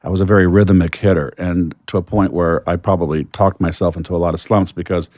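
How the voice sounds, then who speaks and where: Low-voiced older man telling stories. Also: quick pace, dry recording, clean studio sound. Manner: reflective, animated when telling stories. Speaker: guest, retired baseball player. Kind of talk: storytelling in a podcast interview.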